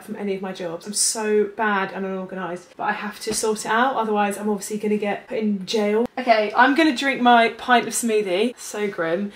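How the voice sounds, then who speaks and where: A woman's voice: mid-range voice, fairly bright tone. A woman in her twenties with a British accent, chatting casually to camera in a vlog, rambling and self-deprecating. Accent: British English. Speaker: vlogger.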